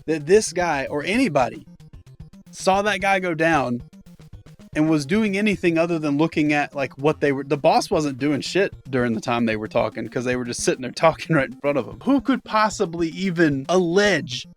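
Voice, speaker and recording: A man's voice: on the high side, lively intonation, normal speed, soft background music. Profane, exasperated male anime reviewer. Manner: acts out characters in mocking voices. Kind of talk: ranting comedic review.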